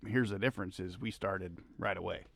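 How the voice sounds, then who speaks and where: A middle-aged man, a high school track coach, telling rambling stories as a podcast guest, laughing often. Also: fairly quick, creaky, fairly bright tone, a little hiss or hum. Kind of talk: casual podcast conversation.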